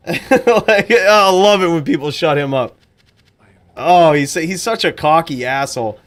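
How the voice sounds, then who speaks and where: On a live stream, this streamer and commentator talks at a measured pace in a voice on the high side and a bit bright. He's casual and profane, gives blunt opinions, and later calls the game fights.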